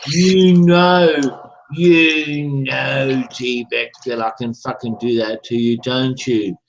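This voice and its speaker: A man's voice: medium pitch, fairly even intonation, takes it slowly, creaky, highs cut off, a little hiss or hum. A man ranting in an online voice chat room, taunting a rival with repetitive profane gloating over a computer microphone. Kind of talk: angry taunting rant.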